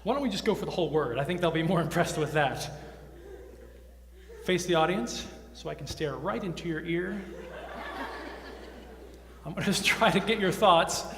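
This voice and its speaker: A man's voice: fairly high pitch, moderate pace, pauses often. A man performing as a stage magician, teasing his volunteers with playful patter before a live audience. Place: large roomy hall before a live audience. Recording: echoey hall recording with faint music.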